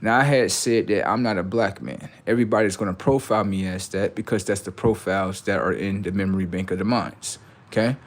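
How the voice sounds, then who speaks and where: A man's voice: deep voice, steady tone, a little fast. A man hosting a livestream, ranting in a profane, mocking and repetitive way while reacting to videos. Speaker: livestream host.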